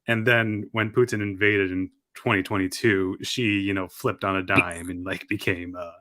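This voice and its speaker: Halting man with a bright, close voice. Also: deep voice, flat delivery, no room sound. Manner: halting, many restarts. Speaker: podcast guest. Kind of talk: casual podcast chat.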